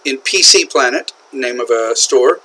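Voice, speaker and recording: American man, english teacher, slow lecture pace, bright voice, repeats phrases. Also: mid-range voice, slight background noise, rough recording. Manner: slow, repetitive explaining with frequent "okay?" checks. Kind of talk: classroom lecture on English usage.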